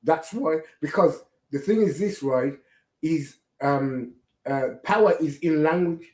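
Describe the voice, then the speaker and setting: A man's voice: fairly high pitch, measured pace, a little mellow. A man hosting religious commentary, preaching and often asking "right?". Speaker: host. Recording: echoey room.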